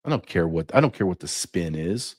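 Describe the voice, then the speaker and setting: A man's voice: low voice, animated, brisk, darkish tone, slightly rough. A middle-aged man hosting a podcast, delivering an angry, profane monologue full of rhetorical questions. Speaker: podcast host. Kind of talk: impassioned monologue.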